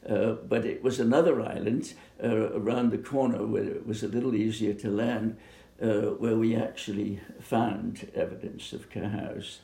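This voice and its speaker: An older man from Bermuda tells a long memory in an interview, pausing often and filling gaps with fillers. His voice is gravelly and mellow, and the room around him echoes. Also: lowish voice, steady tone. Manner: halting, thoughtful storytelling with many fillers. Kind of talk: oral history recollection.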